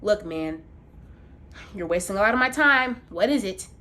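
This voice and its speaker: A woman's voice: mid-range voice, animated, moderate pace, bright, forceful tone. A woman doing an impatient magical fish. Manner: weary, dismissive.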